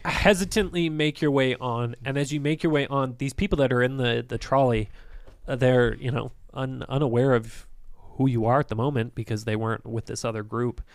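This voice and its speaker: A man's voice: mid-range voice, fairly even intonation, fairly quick, hardly any pauses, no echo, clean studio sound. A man narrating a tabletop game as game master, rambling with many hesitations and frequent laughs.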